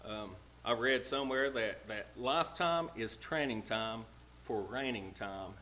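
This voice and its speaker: A man's voice: medium pitch, bright, forceful tone, a little hiss or hum, rough recording. Folksy preacher man. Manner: plain-spoken and homespun, reads King James verses slowly. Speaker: lay preacher. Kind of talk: folksy sermon with scripture reading. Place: church sanctuary.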